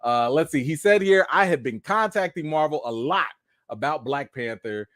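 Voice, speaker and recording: A young adult man hosting a live chat stream about film news, talking straight to his viewers in a casual, animated way. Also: fairly high pitch, moderate pace, no room sound, clean studio sound. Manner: animated, talks straight to viewers with lots of "y'all" and "okay".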